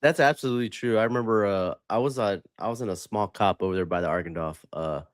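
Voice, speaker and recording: Easygoing low-voiced veteran host. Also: male voice, quick pace, no echo, studio quality. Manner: easygoing, filler-heavy, laughs along. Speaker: podcast host, army veteran. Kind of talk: casual chat.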